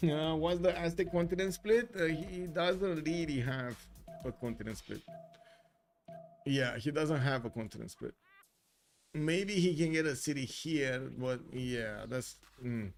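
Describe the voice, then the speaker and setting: A man's voice: on the high side, a little mellow. A young man from Romania with a Romanian accent, casting a strategy game match live with a rambling, filler-heavy delivery. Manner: rambling, many filler uhs, chats with chat. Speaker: caster. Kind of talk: live esports commentary.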